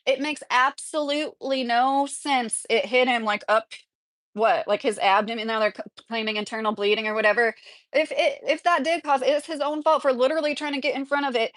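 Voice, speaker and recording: A woman's voice: sits high, fairly even intonation, fairly quick, a bit bright, dry recording, studio quality. A woman in her thirties from Kentucky, talking at home in a rambling, opinionated livestream chat and reading viewer comments aloud. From Kentucky, USA. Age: 30s. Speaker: vlogger.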